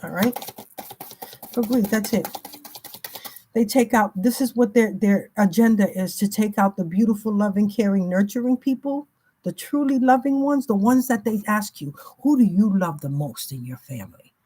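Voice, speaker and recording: Husky-voiced woman giving a spiritual reading. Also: medium pitch, normal speed, mellow. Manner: emphatic, repetitive, slangy. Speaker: spiritual reader.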